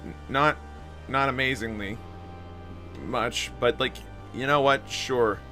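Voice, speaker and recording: A man's voice: mid-range voice, slow, sharp tone, soft background music. A man giving casual, joking let's-play commentary with a strained throat. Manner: casual, joking, self-deprecating. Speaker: game commentator.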